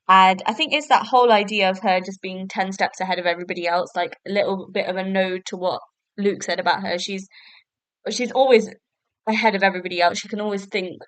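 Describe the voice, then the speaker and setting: Reviewing a TV episode in a relaxed podcast chat, a young woman laughs frequently. She speaks at medium pitch with a fairly bright tone, and the recording has no echo.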